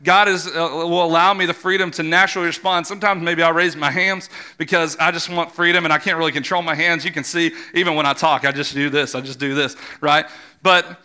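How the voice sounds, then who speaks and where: Fervent bright-voiced preacher. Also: male voice, on the high side, fairly even intonation, fairly quick, clean tone. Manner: fervent, rising to loud exhortation. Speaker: pastor. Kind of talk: sermon.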